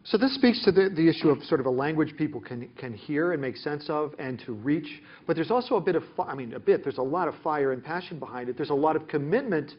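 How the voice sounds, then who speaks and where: A man interviewing a guest, asking long, halting questions as he searches for words. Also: fairly high pitch, expressive, breathy edge, muffled recording.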